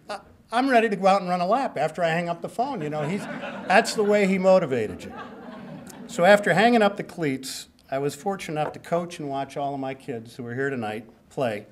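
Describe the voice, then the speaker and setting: A man's voice: mid-range voice, slight background noise. A man in his sixties giving a hall of fame acceptance speech at a banquet, joking, self-deprecating and rambling.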